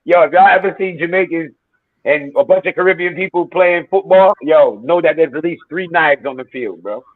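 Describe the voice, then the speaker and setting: High-voiced man, tinny lo-fi stream. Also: normal speed, no echo. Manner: animated storytelling, heavy swearing, acts out quotes. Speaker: streamer hosting a football watchalong. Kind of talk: casual watchalong chat.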